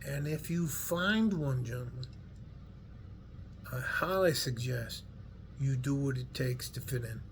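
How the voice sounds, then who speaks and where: A middle-aged man with a West Texas accent talks to his viewers in an animated but slow medium-pitched voice, pausing often against slight background noise. As a vlogger he gives a casual, heartfelt, meandering monologue that is earnest, folksy, and salty.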